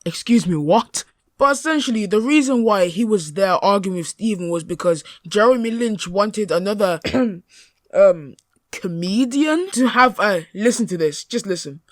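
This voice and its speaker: A man's voice: high-pitched, expressive, measured pace, no room sound, clean studio sound. Sarcastic man doing reaction commentary. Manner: sarcastic, mocking, chatty. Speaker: YouTube reaction host.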